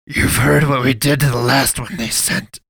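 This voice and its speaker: A smug, wheezing fat priest, put on by a male narrator. He talks slowly in a gravelly voice pitched a little above the narrator's own, mocking whoever he faces. The recording is dry and close. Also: steady tone, fairly bright tone, no room sound.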